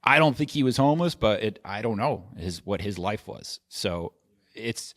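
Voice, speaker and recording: A man's voice: on the low side, animated, normal speed, a bit bright. A man in casual podcast chat as a guest, rambling with restarts and swearing freely. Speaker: podcast guest and video editor.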